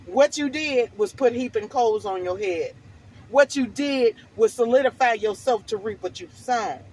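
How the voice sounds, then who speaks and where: A woman's voice: on the high side, expressive, a little slow, darkish tone, a little hiss or hum, poor audio. A middle-aged woman vlogger telling a personal testimony in a fervent, preachy, emphatic way.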